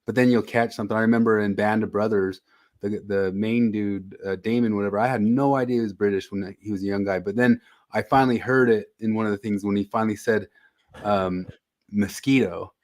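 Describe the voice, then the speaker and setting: A man's voice: on the low side, fairly even intonation, fairly quick, a little mellow. A man in casual podcast chat, rambling and trailing off into fillers. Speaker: podcast co-host.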